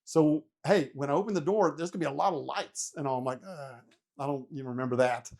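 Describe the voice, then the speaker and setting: A man's voice: a little high, fast, creaky. A middle-aged man, a retired helicopter pilot, casually telling a story, acting out what people said and swearing freely. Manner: animated retelling with quoted voices and swearing. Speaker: interview guest, retired Army helicopter pilot.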